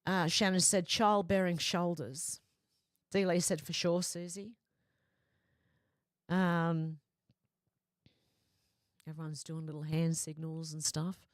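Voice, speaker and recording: A woman hosting a relaxed livestream laughs and chats as she reads viewers' comments into a desk microphone. Her fairly low voice is fairly even in intonation, slow, and broken by long pauses, with no echo.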